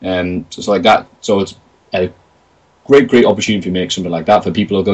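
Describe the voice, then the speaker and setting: A man's voice: low-pitched, fairly even intonation, fast, darkish tone, slightly rough, recorded from a distance, low-quality recording. A British man telling stories in a casual interview, chatty and jokey, acting out quotes in other voices. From Britain. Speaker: interview guest, video creator.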